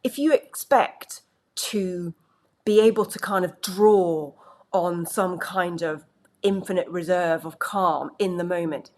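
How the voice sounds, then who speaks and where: A woman's voice: lowish voice, steady tone, a little slow, a little mellow, a little hiss or hum. A woman giving an earnest, reassuring coaching talk to camera in a conversational way, checking in with the listener. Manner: conversational, many "you know" fillers.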